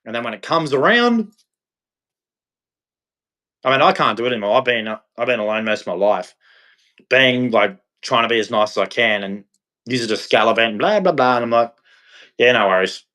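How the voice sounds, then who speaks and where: A man's voice: mid-range voice, expressive, a little fast, long pauses, bright, forceful tone. An Australian man ranting on a livestream in a blunt, scolding, preachy way. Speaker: livestream host. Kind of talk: livestream rant.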